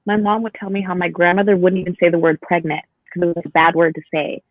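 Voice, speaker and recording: A woman chatting casually on a live podcast, telling stories in an animated way and acting out the people she quotes. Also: fairly low pitch, fast, no room sound. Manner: animated storyteller, acts out voices in quotes. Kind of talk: casual chat. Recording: tinny phone-like live stream audio.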